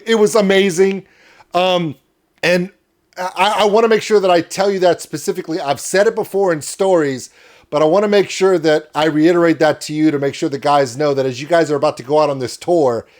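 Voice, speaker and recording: A man hosting a casual interview, telling a long, enthusiastic, rambling story to his guest. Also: high voice. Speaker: interview host.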